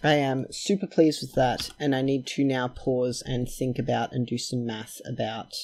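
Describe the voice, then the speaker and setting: A man with a mid-range voice chats his way through a let's play, talking to himself and to his characters. He gets excited quickly.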